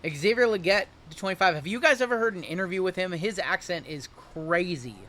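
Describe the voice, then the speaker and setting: A young man hosting a live-streamed card break, joking and hyping each pull in rapid running banter. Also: high voice, sharp tone.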